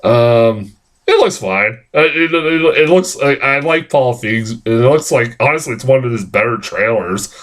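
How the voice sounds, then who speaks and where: A man's voice: mid-range voice, expressive, measured pace. A man giving a casual, rambling film review, full of filler words, swearing and self-corrections, sounding tired.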